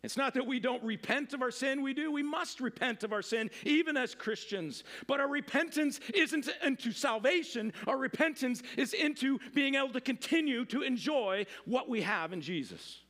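A middle-aged man preaches a sermon in a high, light voice. He talks to his congregation like a friend, rambling a little, restarting sentences and filling gaps with "like" and "you know.". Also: animated, moderate pace, few pauses, a bit bright. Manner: conversational, rambling with many fillers and restarts. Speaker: pastor.

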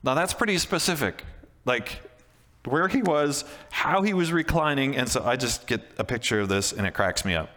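A man's voice: medium pitch, lively intonation, moderate pace, sharp tone, big-room sound. A man preaching a sermon as pastor, talking in a conversational way with frequent restarts and emphatic repeats. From Canada.

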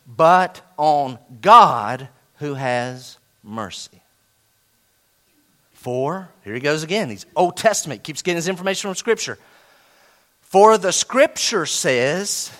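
A man preaching with a bright, forceful tone, pitched a little high for a man. He swings from loud, emphatic lines to low, quiet asides, and reads scripture slowly, word by word. He talks straight to the congregation in a casual, teasing way. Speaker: pastor. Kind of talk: sermon.

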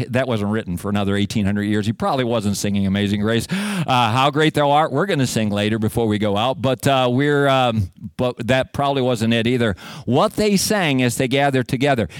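Folksy middle-aged pastor preaching. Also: male voice, mid-range voice, no room sound, studio quality. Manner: conversational, many fillers and restarts; folksy and self-deprecating. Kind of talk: sermon.

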